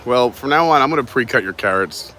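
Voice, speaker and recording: A man's voice: mid-range voice, animated, quick pace, bright, forceful tone. A man casually chatting and joking while hosting a live stream outdoors at a theme park. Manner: joking, chatty, talks with food in his mouth at times. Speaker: vlog host.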